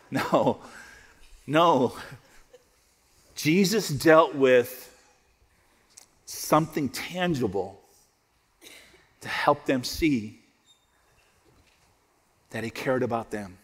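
Conversational pastor in a big hall. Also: male voice, mid-range voice. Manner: conversational, joking preacher who drops to soft prayerful tones. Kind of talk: sermon. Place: church auditorium.

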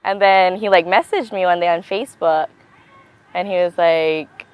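A woman's voice: lowish voice, fairly even intonation, normal speed, clear, resonant tone, rough recording. A young woman recounting her engagement in a casual interview, playful and affectionate, acting out remembered exchanges. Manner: playful, acts out quotes, affectionate. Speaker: bride-to-be interviewed for an engagement video.

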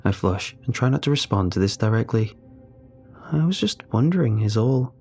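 A man calmly narrating a first-person horror story in a measured, storytelling way. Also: mid-range voice, slightly rough, faint music behind.

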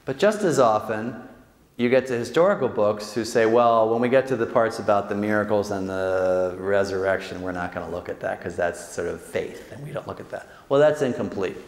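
A man, a Jesuit priest, giving an animated, joking talk to an audience, acting out quotes and often tagging lines with "right?". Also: lowish voice, a little fast. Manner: animated, jokey, acts out quotes, frequent "right?" tags. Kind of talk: lively faith talk to an audience. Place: large hall with audience. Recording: echoey hall with long reverb.

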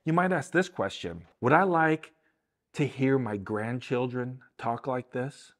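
A man's voice: medium pitch, measured pace. An older man giving a casual, earnest Bible teaching, often repeating words and asking "right?" along the way. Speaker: Christian teacher.

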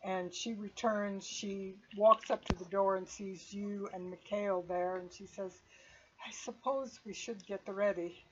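A woman narrating a tabletop game as game master, describing scenes with steady pacing and fillers. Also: medium pitch, measured pace, a little hiss or hum. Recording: dull lo-fi audio.

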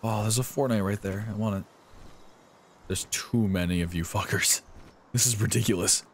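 A young man giving live gameplay commentary, excitable and often yelping and swearing at enemies. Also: on the low side, moderate pace, a little hiss or hum. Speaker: streamer.

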